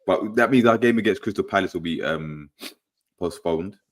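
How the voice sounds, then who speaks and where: A man's voice: sits low, moderate pace. A young man hosting a casual football podcast, telling stories in a laid-back, laughing way. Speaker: podcast host. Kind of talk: casual football chat and storytelling.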